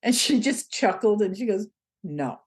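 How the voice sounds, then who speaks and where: A woman with a mid-range voice talks through a story from her past as an interview guest. She is animated and casual, and she slips into the voices of the people she describes as she goes. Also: medium pitch, a little slow, breathy edge. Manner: animated, acts out the dialogue in her stories. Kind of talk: conversational storytelling.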